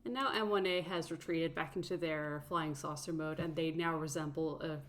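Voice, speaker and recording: A woman's voice: low voice, fairly even intonation, normal speed, a bit bright, a little hiss or hum. A woman playing in a tabletop game, narrating her character's actions with lots of giggles and hesitant fillers.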